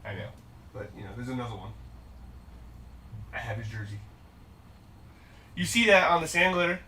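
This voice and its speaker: Bright upbeat man hosting a card break. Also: medium pitch, expressive, normal speed, recorded from a distance. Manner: upbeat, jokey, rattles off card names. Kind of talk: live-stream card break commentary.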